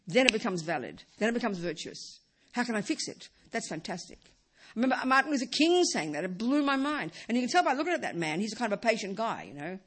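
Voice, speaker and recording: A woman's voice: a little high, very animated, fast talker, slightly rough. A woman teaching a Buddhist dharma talk, who talks in bursts, repeats and restarts phrases, and keeps asking the listeners rhetorical questions.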